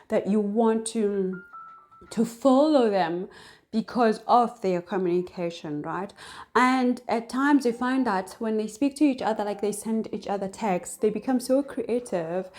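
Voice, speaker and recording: A woman hosting an astrology talk, explaining in a casual, chatty way with many fillers. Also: mid-range voice. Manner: chatty, many fillers, acts out whispered and shouted examples. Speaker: astrology channel host.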